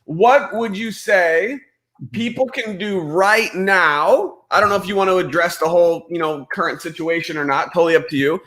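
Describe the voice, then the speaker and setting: A man's voice: sits high, normal speed, fairly bright tone. A man hosting a live stream, talking enthusiastically as a network marketing coach giving motivational advice.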